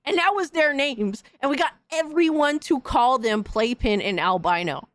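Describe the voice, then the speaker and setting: A woman's voice: sits high, lively intonation, moderate pace, a bit bright, no echo. A woman hosting a podcast, delivering a heated, profane, slang-filled rant in casual commentary. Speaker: podcast host.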